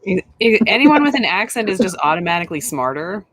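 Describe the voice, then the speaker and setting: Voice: medium pitch, very animated, fast, crowd noise. A co-host in a casual online chat, talking loosely with many fillers.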